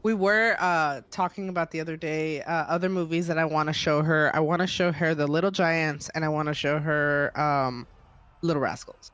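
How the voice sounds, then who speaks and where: A young adult woman chatting casually during a co-op game stream, telling stories in animated bursts. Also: deep voice, normal speed, smooth, dry recording. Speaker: co-op stream player. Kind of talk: casual chat while gaming.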